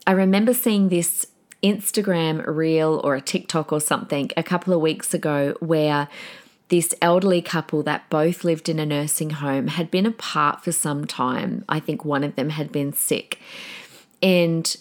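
Woman in her forties, podcast host, chatty and tearful, slightly low voice. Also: measured pace. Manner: chatty and emotional, tears up easily. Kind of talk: casual solo podcast talk.

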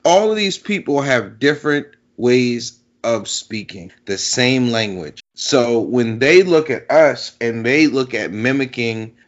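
A man co-hosting a casual chat, laying out his thoughts in long, drawn-out explanations full of asides. The recording sounds dull and lo-fi. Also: mid-range voice, animated. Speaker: podcast co-host.

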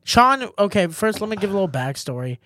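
A man co-hosting a podcast in casual chat, joking and animated, laughing often. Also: sits high, brisk, slight background noise. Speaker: podcast co-host.

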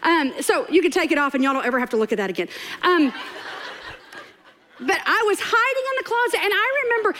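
A woman's voice: very high-pitched, fast, pauses often, a little hiss or hum. A woman telling a funny personal story in a sermon, laughing and acting out voices. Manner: animated, laughing storyteller who acts out quotes. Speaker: preacher. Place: church stage before a congregation.

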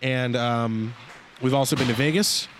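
A man's voice: medium pitch, a little slow, a bit bright, slight background noise. A man co-hosting a casual podcast, reading listener email and giving blunt, joking opinions. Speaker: podcast co-host.

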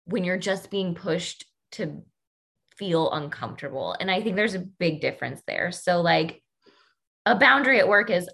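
A woman's voice: on the low side, animated, normal speed, creaky, a bit bright. A woman co-hosting a workplace talk, speaking emphatically and pushing her voice up to stress key points. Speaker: podcast co-host. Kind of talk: casual conversational discussion.

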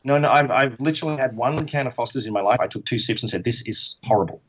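Self-deprecating Australian man, husky voice. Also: mid-range voice, fast, fairly bright tone, lo-fi sound. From Australia, Perth. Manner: self-deprecating, rambling with restarts. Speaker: guest. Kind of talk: casual interview chat.

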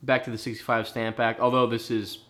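A man's voice: medium pitch, level tone, a little fast, fairly bright tone. A man co-hosting a casual history podcast, rambling and swearing as he explains. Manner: rambling, swears, restarts a lot. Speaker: podcast co-host.

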